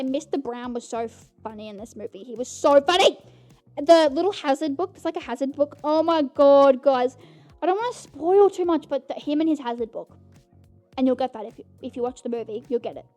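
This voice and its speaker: A woman's voice: sits high, warm tone. A young woman hosting her own podcast, giving a casual, rambling movie review and calling her listeners "guys". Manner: bubbly, rambling, keeps saying "guys". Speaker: podcast host.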